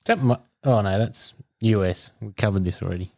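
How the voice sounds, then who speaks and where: An Australian man co-hosting a podcast, joking around and defending himself in a low mutter. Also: a little fast, gravelly, a little mellow, no room sound, studio quality. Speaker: podcast co-host. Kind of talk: casual banter.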